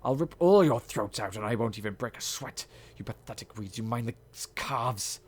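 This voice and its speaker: A man's voice: medium pitch, expressive, moderate pace, slightly rough. A man voicing an older, domineering male factory boss who talks down to others with contempt and menace, over game music. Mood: threatening.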